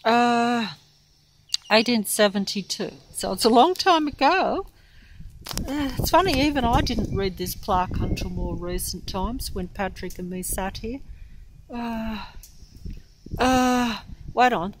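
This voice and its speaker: An older woman talks slowly and haltingly, drifting off track as she reads. She is audibly out of breath, stopping to recover. Faint outdoor noise sits behind her voice. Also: fairly high pitch, animated. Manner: rambling, loses her place, reads haltingly. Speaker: local history vlogger. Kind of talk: rambling walking vlog. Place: outdoors by a street plaque.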